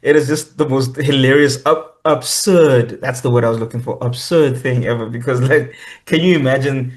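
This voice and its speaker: A man's voice: mid-range voice, moderate pace. A man, co-hosting a podcast in casual, amused and rambling chat. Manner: rambling and amused, searching for words. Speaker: podcast co-host.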